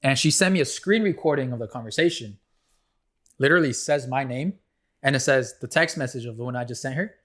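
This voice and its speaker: A man's voice: mid-range voice, brisk, fairly bright tone. Laid-back man telling a story. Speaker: podcast co-host. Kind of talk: casual chat.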